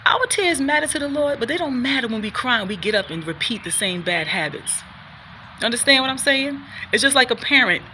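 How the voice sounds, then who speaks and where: A middle-aged woman talks straight to her viewers in a faith-based vlog, earnest and a little preachy. She circles back over her own phrases and sometimes stumbles over a word. Her voice is bright and forward, with a faint hum of room noise behind her. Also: mid-range voice, brisk. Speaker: vlogger.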